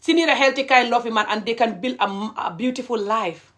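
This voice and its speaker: A woman's voice: on the high side, fast, fairly bright tone. Indignant woman ranting on a livestream. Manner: passionate, indignant, repetitive. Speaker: live streamer. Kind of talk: live-stream rant to viewers.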